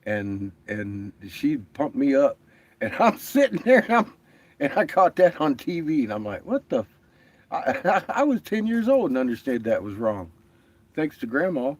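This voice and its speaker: In a dry recording, a man with a mid-range, slightly mellow voice talks at normal speed with big pitch swings. He's a vlogger swapping casual stories, swearing and laughing often and mimicking what others said.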